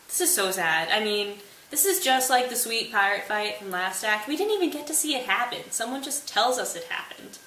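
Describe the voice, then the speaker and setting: A woman's voice: on the high side, animated, normal speed, few pauses, bright, forceful tone. Woman host, slangy casual retelling, faint hiss. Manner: chatty, playful, slangy. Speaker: host retelling a play for study. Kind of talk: casual study summary. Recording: roomy, distant mic, faint hiss.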